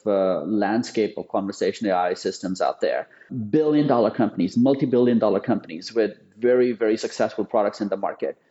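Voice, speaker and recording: A man's voice: lowish voice, mellow, lo-fi sound. Emphatic man explaining voice AI. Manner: emphatic explaining, many restarts. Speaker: guest, voice AI company founder. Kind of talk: podcast interview.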